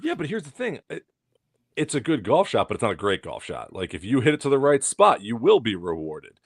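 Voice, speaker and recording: A man's voice: mid-range voice, huge pitch swings, brisk, vocal fry, breathy edge, no echo, clean studio sound. A man co-hosting a casual golf podcast, arguing his points one by one. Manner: argumentative, makes his case in points. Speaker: podcast co-host. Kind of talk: casual sports chat.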